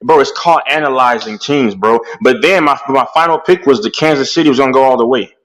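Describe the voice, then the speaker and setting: An animated young man talks sports in a loose, heated chat, constantly dropping "bro". His voice sits at an ordinary pitch and he sounds naturally loud. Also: fast talker, poor audio. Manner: animated, repeats "bro" often.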